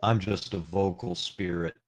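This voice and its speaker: A man's voice: low-pitched, steady tone, a little slow, pitched below the performer's own voice. A man role-playing a talkative, mournful ghost of a young man over a lo-fi voice call. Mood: earnest. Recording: lo-fi voice call audio.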